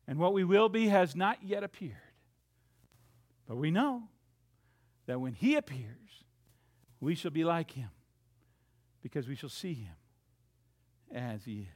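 A male preacher with a high, lively voice that leaps up and drops low. He takes his time, swinging from loud calls to near whispers as he acts out quotes. Soft music plays behind him. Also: a little slow, long pauses. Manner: dramatic swings from loud to hushed, acting out quotes. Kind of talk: sermon.

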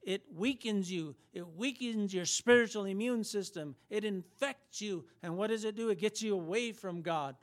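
A man's voice: sits high, normal speed, hardly any pauses. A man preaching a sermon, emphatic and repetitive, firing off rhetorical questions to his listeners.

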